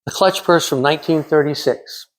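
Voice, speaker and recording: A man in his sixties from California giving a prepared storytelling speech in a measured, dramatic way with pauses. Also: a little high. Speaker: club speaker.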